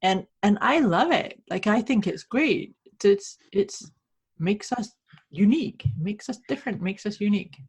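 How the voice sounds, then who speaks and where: A woman's voice: medium pitch, very animated, normal speed, creaky, breathy edge. A woman with a Scottish accent co-hosting a podcast in easygoing casual chat. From Scotland. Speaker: podcast co-host.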